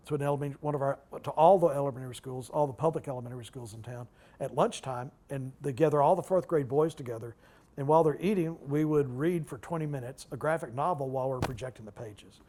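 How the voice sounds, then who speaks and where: A man in his sixties, a guest speaker, tells stories at a public talk in a halting way, full of restarts and asides. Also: medium pitch, dark tone. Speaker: guest speaker, retired library director. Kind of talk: anecdotal storytelling at a public talk.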